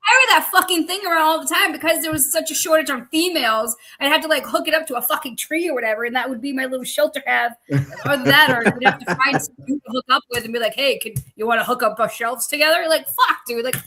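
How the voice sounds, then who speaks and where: Bright-voiced blunt Northeastern woman. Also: sits high. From Massachusetts. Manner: blunt, profane, quick to laugh. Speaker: co-host, Army veteran. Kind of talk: casual chat.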